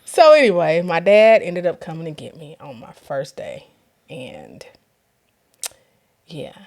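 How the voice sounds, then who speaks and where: Woman chatting on a podcast, animated, does the voices in her story, pitch jumps all over. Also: slow pace. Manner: animated, acts out quoted voices with laughter. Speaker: guest. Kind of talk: storytelling in casual conversation.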